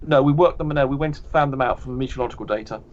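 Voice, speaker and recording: A man's voice: medium pitch, racing, highs cut off. A man in a heated online debate, impatient and insulting, arguing his point. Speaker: debater presenting a model.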